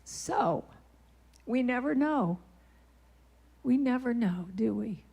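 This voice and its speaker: This guest speaker and singer tells stories in a conversational church sermon in the sanctuary, now and then breaking into brief sung lines. Her fairly high voice is animated and slow, with vocal fry and a breathy edge, and the recording is muffled.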